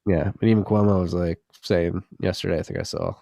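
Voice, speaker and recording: Male podcast co-host with a low, gravelly voice; dry close sound; rambling, swears freely. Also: steady tone, fast talker, mellow, no echo. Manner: loose, rambling and profane. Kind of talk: casual podcast chat.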